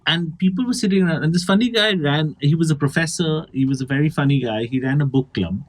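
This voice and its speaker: A man with a fairly high voice hosts a comedy podcast. He tells long, winding anecdotes in a lively, chatty way, and often breaks off mid-sentence to add a detail. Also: fast talker. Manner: animated, rambling anecdotal storytelling. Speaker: podcast host. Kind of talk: casual comedic chat.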